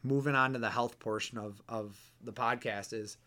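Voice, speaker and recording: A man's voice: mid-range voice, fairly even intonation, normal speed, bright, forceful tone. Blunt, earnest man in his thirties. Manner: earnest, blunt, repeats words while thinking. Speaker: podcast host. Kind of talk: casual motivational talk.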